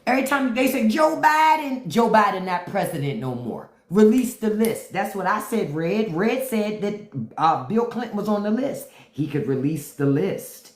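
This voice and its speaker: Brief: woman host on a livestream, blunt and taunting, AAVE speech, roomy echo on the mic. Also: medium pitch. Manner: blunt, taunting, repeats her question to commenters. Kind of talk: unfiltered livestream commentary.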